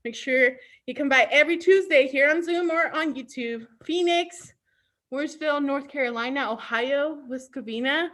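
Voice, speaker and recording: A woman's voice: high-pitched, normal speed, fairly bright tone. A woman youth services librarian hosting a live online storytime, coaxing and talking directly to young children.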